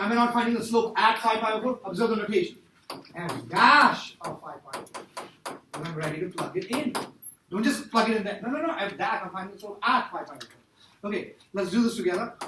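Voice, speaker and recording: A man's voice: sits high, sharp tone, a little hiss or hum. A man teaching a math class, emphatic and repetitive as he quizzes his students. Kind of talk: classroom lecture. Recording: echoey classroom from far off.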